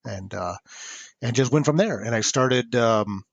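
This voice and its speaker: A man in his forties, a comics writer and podcast guest, telling stories in a chatty, animated way. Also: mid-range voice, unhurried, vocal fry, no echo. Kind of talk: casual interview storytelling.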